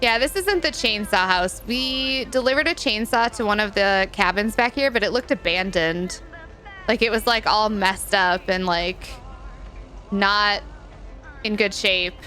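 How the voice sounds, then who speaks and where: A woman's voice: mid-range voice, unhurried, pushed and bright, soft background music. Chatty woman streaming a game. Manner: chatty, reads and answers chat, giggles often. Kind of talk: casual live-stream chat while gaming.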